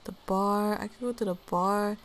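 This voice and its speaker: A woman streamer giving loud, profane, excitable commentary as she plays a game, mocking the characters. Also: medium pitch, moderate pace. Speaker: gaming streamer. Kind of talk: let's play commentary.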